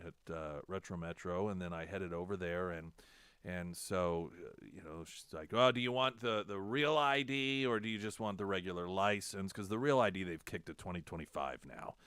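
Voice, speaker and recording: A man's voice: low voice, normal speed, clean tone, no room sound. A man hosting a talk radio show, casually telling a self-deprecating story and acting out the dialogue. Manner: self-deprecating, animated retelling with quoted dialogue. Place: radio studio.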